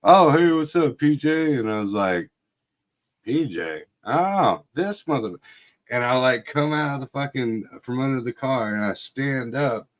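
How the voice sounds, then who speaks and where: A man recalls old days in a loose, foul-mouthed chat. His delivery is slow and unhurried, broken by frequent laughter. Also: mid-range voice. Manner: profane, laughing, slow drawl. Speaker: podcast host. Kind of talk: casual storytelling chat.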